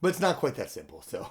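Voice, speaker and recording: A man hosting a live music stream, chatting casually between songs in an easygoing way that trails off into quiet, mumbled asides. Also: on the high side. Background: acoustic guitar.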